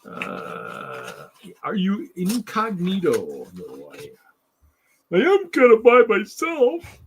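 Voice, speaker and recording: A man's voice: high voice, wildly swooping pitch, slow pace, slight background noise. A man hosting a live hobby stream in casual chat, ranting in an exasperated, sarcastic way and often repeating himself.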